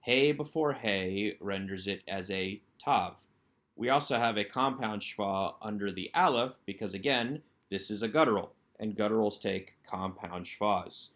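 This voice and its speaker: A man with a fairly low voice leads a recorded workbook lesson. He works through each item step by step, first posing a question and then answering it himself. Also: a little slow, a bit bright. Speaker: Hebrew instructor.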